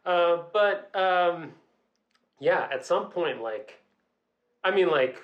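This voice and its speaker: A man's voice: sits high, takes it slowly, lo-fi sound. A man, a podcast guest, telling a story in casual chat, using lots of filler words and acting out quotes. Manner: animated, full of "like" fillers, acts out quotes.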